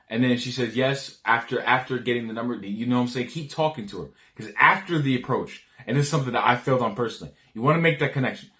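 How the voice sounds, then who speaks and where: Animated and a little fast, this man talks loosely about dating in a bright, mid-range voice, full of slang, profanity, repeated words and frequent restarts. Along the way he acts out bits of dialogue.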